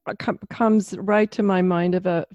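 A woman sharing anecdotes in a thoughtful, measured way during a conversation. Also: mid-range voice, fairly even intonation, a little mellow, no room sound, dull audio. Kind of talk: casual conversation.

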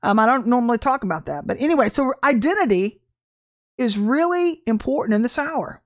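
High-voiced woman preaching a lively testimony. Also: brisk, dry recording, clean studio sound. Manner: animated storytelling with laughs and acted quotes. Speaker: livestream minister. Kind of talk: informal testimony sermon.

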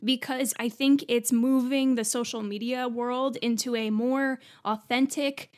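A young woman hosting a chatty conversation, friendly and quick to laugh and agree. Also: on the high side, steady tone, a little mellow. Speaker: podcast host. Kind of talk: casual chat.

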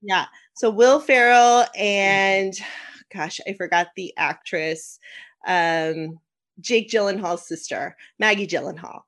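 Woman podcast host: casual, animated storyteller. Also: medium pitch, slow pace. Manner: animated storyteller, acts out quotes, laughs often.

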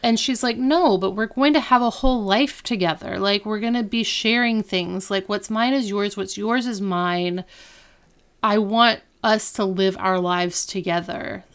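Smooth-voiced woman casually recapping. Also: mid-range voice, a little slow. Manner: animated retelling, acting out quoted lines. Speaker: podcast co-host recapping a TV episode. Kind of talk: casual chat.

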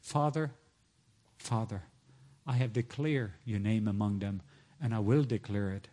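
Middle-aged male preacher, sermon storytelling, drops soft in tender parts. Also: lowish voice, a little slow.

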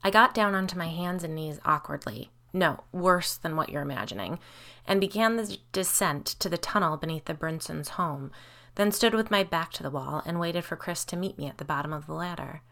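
A woman's voice: on the low side, normal speed, creaky, pushed and bright. A woman hosting a storytelling podcast, narrating in a chatty, wry, self-deprecating way.

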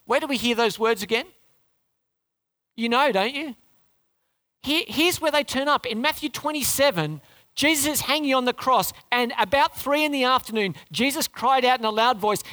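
A woman's voice: high voice, animated, normal speed, a bit bright. A woman preaching a sermon in an earnest, conversational way, asking rhetorical questions and repeating phrases for emphasis.

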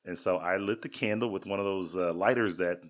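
Rambling man telling stories, lowish voice. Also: fairly quick. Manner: rambling, self-deprecating storyteller with many restarts. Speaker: podcast co-host. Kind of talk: casual storytelling chat.

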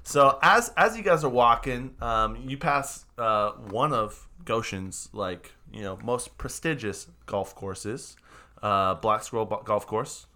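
Laid-back male game master, rambling narration, bright tone. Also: mid-range voice, takes it slowly.

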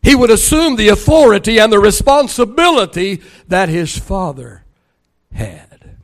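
Older pastor with a very high voice. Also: male voice, a little slow. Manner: storytelling, acts out dialogue with rising excitement. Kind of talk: sermon.

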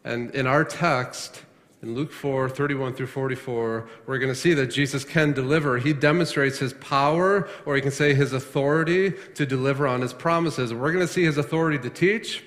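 A man's voice: medium pitch, normal speed, a bit bright, long reverb tail. A man preaching a sermon as a pastor, emphatic and full of rhetorical questions, often restarting his phrases.

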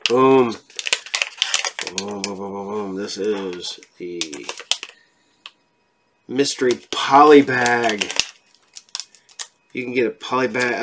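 A presenter giving a loose, excited promo while opening products, repeating phrases. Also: mid-range voice, noisy background. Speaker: sponsor segment presenter. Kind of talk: casual promo unboxing.

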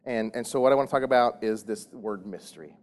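A man's voice: medium pitch, fast. A man preaching a sermon to his congregation in a casual, joking way, often restarting and repeating words. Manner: conversational, jokey, frequent restarts and repeated words. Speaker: pastor.

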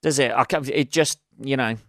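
A man's voice: mid-range voice, moderate pace, creaky, a bit bright, no echo, studio quality. A man hosting a solo podcast, rambling through sweary, self-deprecating stories. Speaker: podcast host.

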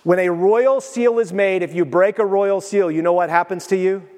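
A man preaching a sermon as a pastor, animated, swinging between loud bursts and hushed, quiet passages. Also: high-pitched, moderate pace. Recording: long hall reverb.

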